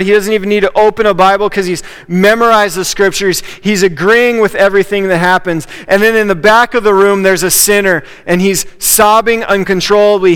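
A male pastor with a high, smooth, resonant voice delivers a conversational sermon, driving points home by repeating key phrases. His voice rings out with a long reverb, as in a large hall. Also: fairly bright tone.

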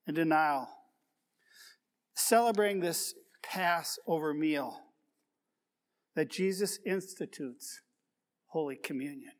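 A male pastor delivering a sermon, reflective and full of rhetorical questions and repeated key words. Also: high-pitched. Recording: long reverb of a large hall.

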